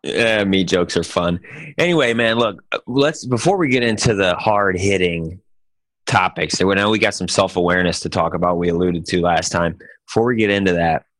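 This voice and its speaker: A man with a lowish voice tells a joking story on a podcast, animated and loose, tossing in "dude" every few lines. His voice sounds close and dry on the mic, with no room sound. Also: moderate pace, dry recording. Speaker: podcast co-host. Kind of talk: casual chat.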